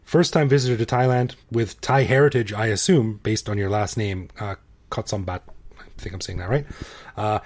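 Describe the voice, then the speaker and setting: A man with a lowish voice hosts a casual podcast. He sounds easygoing and playful and laughs often as he talks. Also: fairly even intonation, moderate pace, darkish tone. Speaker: podcast host. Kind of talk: casual conversational podcast chat.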